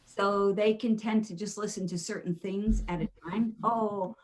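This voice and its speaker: Woman presenter for a video call webinar; lively storyteller who acts out quotes. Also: medium pitch, measured pace. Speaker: presenter, hiring trainer.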